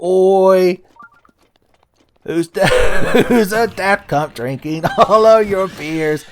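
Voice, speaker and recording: A man voicing a rowdy mock-Australian pub bloke in a deliberately terrible put-on Australian accent, laughing through the lines. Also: high-pitched, a little hiss or hum, pitched above the performer's own voice, heavily acted. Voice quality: loud, brash, laughing.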